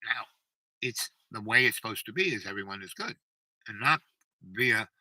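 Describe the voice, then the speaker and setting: A man's voice: fairly low pitch, lively intonation, moderate pace, bright, forceful tone, no echo, rough recording. A man in his seventies telling a long story in a meandering, casual way, full of "you know" fillers. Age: 70s. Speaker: channel host.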